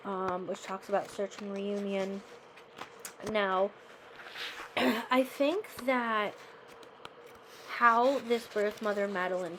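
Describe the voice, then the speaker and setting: A woman's voice: medium pitch, noisy background. A woman reading a memoir chapter aloud, then talking it over in a conversational way and often checking in with "right?". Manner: conversational, tags remarks with "right?". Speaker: host.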